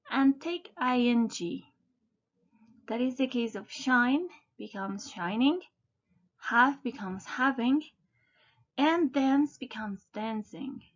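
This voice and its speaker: Woman teaching english grammar, talks real slow and careful, kinda high voice, dull lo-fi sound. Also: fairly bright tone. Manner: slow, deliberate, spelling out letters. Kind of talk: scripted grammar lesson narration.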